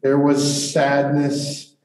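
A male pastor preaching earnestly and reflectively with long pauses, then opening questions to the congregation. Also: mid-range voice, completely flat delivery, a little mellow. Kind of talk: sermon and congregation Q&A. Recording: roomy hall audio from a distant mic.

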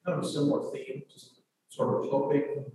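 A man's voice: medium pitch, little pitch movement, normal speed, dark tone. A man from the congregation speaking hesitantly, with many ums and uhs. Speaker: congregation member. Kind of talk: question from the audience. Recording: very echoey, distant, faint noise.

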